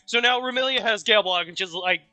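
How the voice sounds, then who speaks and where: This is a man streamer telling a story recap in a loose, rambling way, with casual swearing along the way. His voice sits high and very bright, and the dry, close sound has faint music behind it. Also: fast, clear, resonant tone, no room sound.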